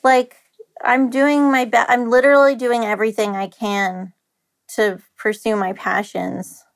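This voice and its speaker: A woman's voice: on the high side, little pitch movement, unhurried. Candid, emotional woman podcast guest. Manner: open, emotional, rambling, occasional swearing. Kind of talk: candid casual chat.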